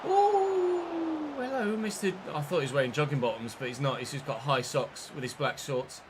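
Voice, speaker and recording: A man streaming a football video game, giving an excitable, sweary running commentary on the play. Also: medium pitch, a little fast, noisy background. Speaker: gaming streamer. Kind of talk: live gameplay commentary.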